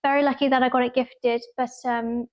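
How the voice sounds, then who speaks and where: A woman's voice: high-pitched, little pitch movement, a little fast, muffled recording. A young woman, chatting casually and gushingly in a vlog, full of "like" and little laughs. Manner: bubbly, gushing, lots of "like". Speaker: vlogger.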